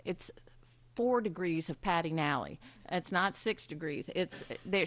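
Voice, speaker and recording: A woman presiding over a school board meeting, giving a formal tribute speech with many pauses and ums. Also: mid-range voice. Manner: warm halting delivery with frequent ums. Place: public meeting room.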